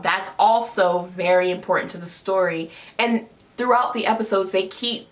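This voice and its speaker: A woman's voice: mid-range voice, normal speed. A woman hosting a casual review chat, giving her opinions in a loose, conversational way. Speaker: host.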